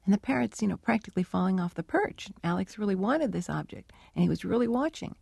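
Woman researcher, middle-aged, gravelly, mellow tone, dry close sound, animated storyteller. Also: mid-range voice, quick pace, dry recording. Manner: animated storytelling, acts out dialogue. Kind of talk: interview answers.

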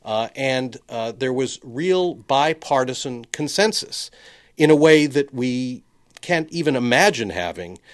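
Brief: male reporter, measured analysis, lots of pauses, average pitch. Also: animated. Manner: thoughtful, many hesitations.

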